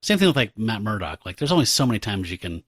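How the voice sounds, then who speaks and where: A man's voice: on the low side, quick pace, slightly rough, no echo, clean studio sound. A man who is a guest on a podcast, chatting casually with wry, profane humor. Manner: animated, wry, swears casually. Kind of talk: casual chat.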